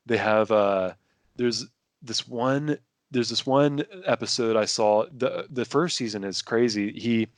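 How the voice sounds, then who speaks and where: A man's voice: mid-range voice, a little slow, no room sound. A man talking casually as a podcast guest, rambling with many restarts and fillers. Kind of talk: casual conversation.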